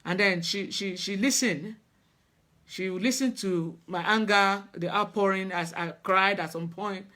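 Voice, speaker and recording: A woman's voice: medium pitch, bright, forceful tone. Earnest middle-aged woman. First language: Yoruba. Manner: earnest, halting, with many restarts. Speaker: spiritual practitioner. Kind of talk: personal storytelling talk.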